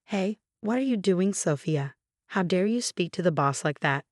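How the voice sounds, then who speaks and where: A woman voicing a stern, loyal young male employee who scolds forcefully in a storybook video. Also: fairly low pitch, lively intonation, normal speed, no room sound, clean studio sound, close to an everyday voice.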